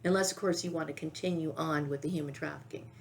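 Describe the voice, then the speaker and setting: Gravelly-voiced middle-aged woman ranting. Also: deep voice, steady tone, fast talker, slight background noise. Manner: agitated, repetitive, keeps asking "okay?". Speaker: vlogger. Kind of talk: rambling direct-to-camera monologue.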